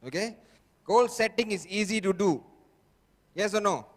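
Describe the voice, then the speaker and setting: A man's voice: high voice, lively intonation, moderate pace. A man giving a motivational seminar talk who keeps checking in with the audience and acts out the voices he quotes. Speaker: seminar speaker. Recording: long hall reverb.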